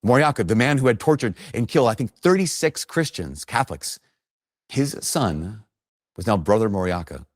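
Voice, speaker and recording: Deep-voiced man preaching a sermon. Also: expressive, moderate pace, no echo, clean studio sound. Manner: earnest storytelling with rising emphasis.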